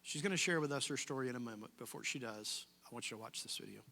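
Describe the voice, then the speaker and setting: A man calmly introducing a guest speaker to a church audience. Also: medium pitch, fast talker, creaky.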